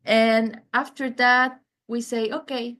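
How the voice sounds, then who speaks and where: Woman coordinator, slow careful halting speech, higher voice, video call. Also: flat delivery, fairly bright tone. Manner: careful, slightly halting non-native phrasing. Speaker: program coordinator. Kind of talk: online workshop presentation.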